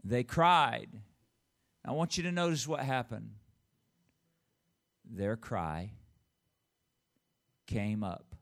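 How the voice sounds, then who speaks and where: A man, the pastor, giving church announcements and then preaching a sermon, leading call-and-response and reading scripture aloud slowly. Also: mid-range voice, vocal fry, a bit bright. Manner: reads scripture aloud in a slow, drawn-out voice.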